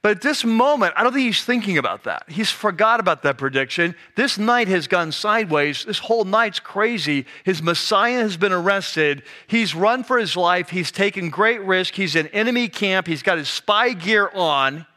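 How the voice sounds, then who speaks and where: Bright, high-voiced male preacher. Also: moderate pace, few pauses. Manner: animated, conversational, acts out scenes. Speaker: pastor. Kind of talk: sermon.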